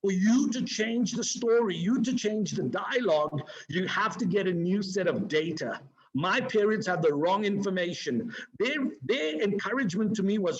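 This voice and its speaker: A man giving an energetic, preachy motivational talk to a live online audience, swinging his pitch and pace for emphasis. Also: normal speed, highs cut off. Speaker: motivational speaker. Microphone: video call.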